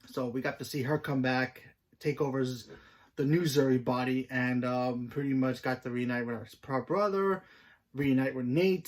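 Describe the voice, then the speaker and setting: A man hosting his own channel, giving a casual, rambling review of a TV episode with plenty of fillers and restarts. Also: medium pitch. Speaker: host.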